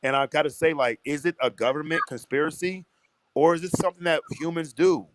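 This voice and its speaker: A man's voice: on the high side, a little fast, no room sound, poor audio. A man talking casually and profanely on a livestream, rambling through big ideas in a streetwise way.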